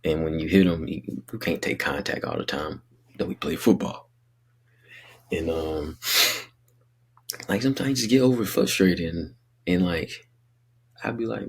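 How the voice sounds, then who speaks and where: A man's voice: low voice, moderate pace, gravelly, slightly rough. A young man talking casually and earnestly to his listeners in a rambling, slangy vlog about handling emotions. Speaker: vlogger giving life advice. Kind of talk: casual motivational vlog talk.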